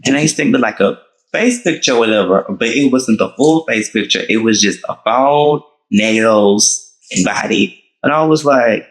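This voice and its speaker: A man hosting his own show, telling a dramatic personal story to his viewers in a casual, animated way. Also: mid-range voice, normal speed, low-quality recording. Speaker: host.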